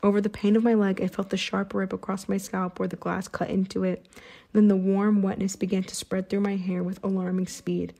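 A woman reading an audiobook in the first person, with tense, steady storytelling. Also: mid-range voice, fairly quick, creaky. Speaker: audiobook narrator.

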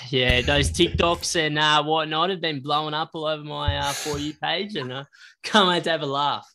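Aussie co-host guy, high-ish bright voice, slangy and blokey. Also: normal speed, gravelly. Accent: Australian. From Australia. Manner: blokey, slangy, laughs a lot. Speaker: podcast co-host. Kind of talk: casual podcast chat.

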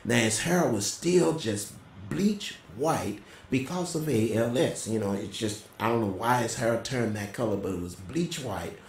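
A middle-aged man telling a personal testimony in a casual, animated way, as a co-host. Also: a little slow, vocal fry, few pauses, slight background noise. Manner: animated storyteller, voice jumps high when quoting. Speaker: prophet and co-host. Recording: roomy echo.

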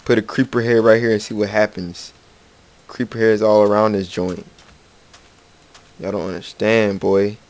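A man with a lowish, slightly mellow voice narrates his game at normal speed, keeping a level tone and pausing often. As a gaming channel host doing casual let's play commentary, he rambles, jokes and talks to the characters, with faint game music in the background.

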